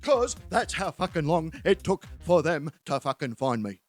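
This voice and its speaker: A man voicing his blunt mate, who speaks in a deep, gruff, flat and matter-of-fact way, slightly louder than usual. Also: normal speed, faint music behind. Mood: deadpan. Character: deadpan blunt adult male mate Terry.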